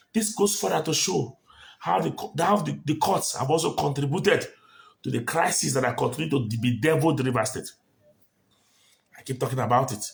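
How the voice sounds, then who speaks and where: A man's voice: medium pitch, vocal fry. Emphatic man giving legal opinion. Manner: emphatic, repeats key phrases. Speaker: legal commentator. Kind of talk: spoken opinion commentary.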